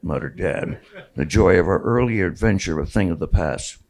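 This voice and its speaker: This is the author, a sixty-something man reading his own memoir to a bookstore crowd with wry storytelling and occasional small restarts. The voice is low and a little mellow, with vocal fry, delivered at normal speed on a rough recording.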